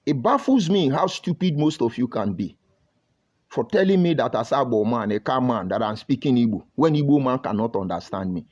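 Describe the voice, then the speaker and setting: A man's voice: medium pitch, animated, a little fast, darkish tone. A man with a Nigerian accent delivering a heated, scolding monologue full of rhetorical questions. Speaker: commentator. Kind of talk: impassioned monologue. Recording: dull lo-fi audio.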